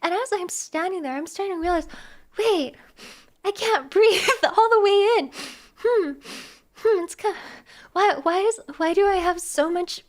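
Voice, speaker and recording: A young woman streamer chatting casually with her viewers, giggly and animated, with lots of quick restarts. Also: very high voice. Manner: giggly, animated, talks fast with many restarts. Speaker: live streamer.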